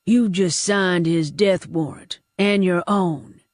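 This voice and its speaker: Woman doing a gruff older male mercenary. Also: lowish voice, takes it slowly, darkish tone, no room sound, studio quality. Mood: threatening. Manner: gruff threats. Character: grizzled older male ex-guard leader, menacing.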